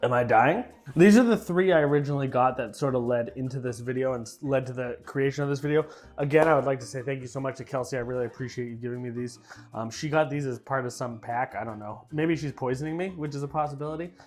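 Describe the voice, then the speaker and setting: Soft music plays as a young man rattles quickly through a casual sauce-tasting vlog in a mid-range voice. He jokes and chats, trails off into fillers, and playfully repeats and mispronounces words.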